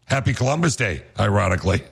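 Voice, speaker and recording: Man, radio host, very deep voice, fast talker, joking banter. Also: sing-song, gravelly. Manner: joking, teasing.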